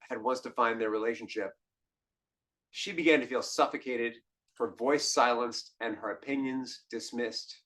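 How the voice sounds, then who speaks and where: A man hosting a podcast, telling a story in a monologue. His voice sits at a middling pitch, and he swings from hushed, drawn-out lines to loud, emphatic ones. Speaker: podcast host.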